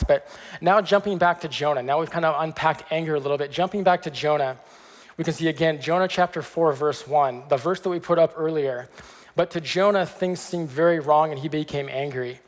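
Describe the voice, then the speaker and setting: A man preaching a sermon as pastor, in a conversational way, often pausing to check in with "okay.". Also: a little high, big-room sound. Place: church sanctuary.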